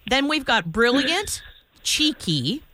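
Female morning host, playful and chatty, expressive pitch. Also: slow. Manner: playful, giggly, trying out phrases. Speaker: radio morning show host. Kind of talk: casual radio chat.

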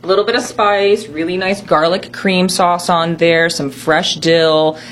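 A woman's voice: fairly low pitch, steady tone, unhurried. A woman representing an event, talking up its food in a casual, enthusiastic interview. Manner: enthusiastic, upbeat, promotional.

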